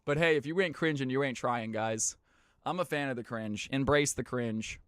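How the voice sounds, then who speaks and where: Bright, smooth-voiced male streamer. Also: medium pitch, moderate pace, no room sound, studio quality. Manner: playful, joking, laughs often, turns hype when casting. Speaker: streamer and game shoutcaster. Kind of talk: live stream chat and esports play-by-play.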